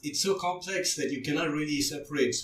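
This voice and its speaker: A man's voice: a little high, brisk, fairly bright tone. Rambling man hosting a podcast. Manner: rambling, many fillers and restarts. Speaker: podcast host. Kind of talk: casual chat. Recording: roomy, slightly distant mic, faint ambience.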